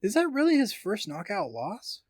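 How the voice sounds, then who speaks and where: A man's voice: high voice, huge pitch swings, normal speed, a little mellow, no room sound, clean studio sound. A man co-hosting a casual podcast, rambling through fight news with lots of fillers and reading quotes aloud. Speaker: podcast co-host.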